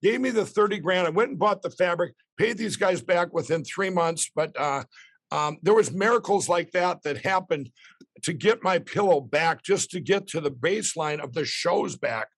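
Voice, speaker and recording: High-voiced man. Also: normal speed, no room sound. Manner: rambling, excited storytelling with restarts. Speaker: guest. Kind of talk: storytelling in a podcast interview.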